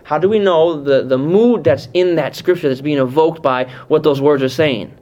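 A man's voice: a little high, normal speed, darkish tone. Man, pastor teaching scripture, conversational, asks questions, muffled lo-fi sound. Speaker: pastor teaching a Bible class. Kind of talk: teaching sermon.

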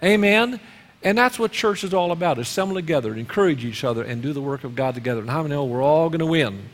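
A man's voice: fairly high pitch, expressive, fast. Call-and-response preaching man in a hall. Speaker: pastor. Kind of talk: sermon. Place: church sanctuary. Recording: long reverb of a church hall.

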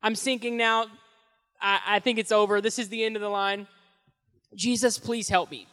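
Guy doing a jumpy young fisherman, rambling fast and panicky, high-ish voice, echoey hall. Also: fairly even intonation, a bit bright. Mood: panicked. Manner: frantic, rambling inner panic. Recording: long echoey hall reverb.

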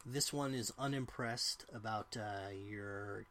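A man narrating as game master of a tabletop game, relaxed, with many fillers. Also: on the low side, takes it slowly, slight background noise.

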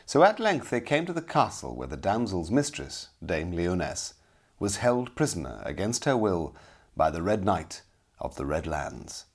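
Husky-voiced male storybook narrator. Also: low-pitched, unhurried. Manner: expressive, dramatic storytelling.

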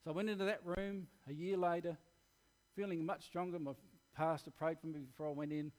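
A man's voice: a little high, steady tone, fairly quick. An Australian man preaching a sermon, telling a candid personal story in an earnest, plain-spoken way.

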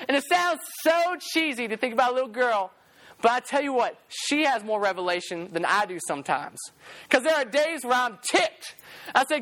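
A preacher giving a storytelling sermon, animated, repeating phrases for emphasis and now and then singing a line. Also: mid-range voice, brisk.

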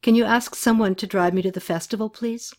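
A woman's voice: medium pitch, steady tone, brisk, a little mellow, pitched above the performer's own voice, close to an everyday voice. A woman reading a novel aloud, voicing an earnest young woman doctor who asks urgent, pleading questions. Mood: subdued.

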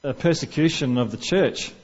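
A man's voice: a little high, normal speed, a little mellow, husky, dull audio. A man preaching a sermon in church, talking conversationally and asking the congregation questions.

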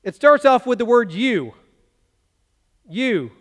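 High-voiced pastor preaching in a reverberant hall. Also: male voice, normal speed. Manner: conversational preaching with rhetorical questions. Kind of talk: sermon. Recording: long reverb of a church hall.

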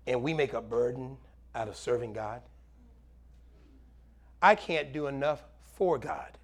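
A middle-aged man preaching a sermon as pastor, animated, swinging between loud highs and quiet low murmurs.

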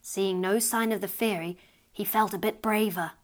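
A woman narrating a storybook tale aloud in a lively, expressive reading voice. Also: mid-range voice, normal speed.

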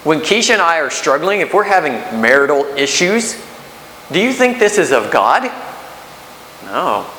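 A man's voice: on the high side, big pitch swings, normal speed, bright, forceful tone. A man in his thirties preaching a sermon as pastor, conversational, with rhetorical questions and restarts. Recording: echoey hall with faint hiss.

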